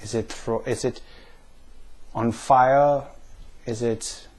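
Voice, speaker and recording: A man leading listeners through a guided pain-visualization exercise, asking slow, calm questions with pauses. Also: medium pitch. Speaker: NLP practitioner.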